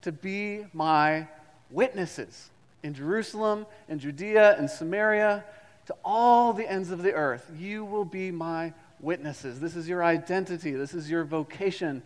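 A man's voice: high-pitched, unhurried, big-room sound. A man preaching a sermon as a pastor, reading scripture and leading the congregation in call-and-response with repetition.

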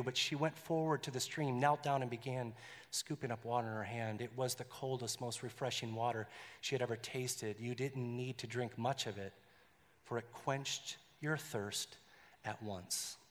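A man's voice: medium pitch, long reverb tail. A male pastor preaching in a conversational way, with joking asides and a story read aloud.

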